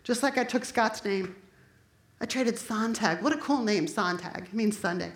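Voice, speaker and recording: A woman preaching a sermon, impassioned and building to forceful declarations. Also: mid-range voice, moderate pace, reverberant.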